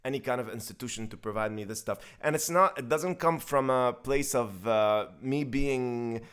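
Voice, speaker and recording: A man at a middling pitch, chatting on a podcast. He talks in a lively, joking way, often breaking into laughter and going off on tangents. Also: normal speed, clear, resonant tone. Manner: animated and joking, with frequent laughs. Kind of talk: casual podcast chat.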